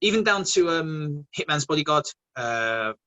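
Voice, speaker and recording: A man, a guest actor chatting casually in an interview, animated and quick to laugh. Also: on the high side, low-quality recording. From England. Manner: animated, laughing, many restarts.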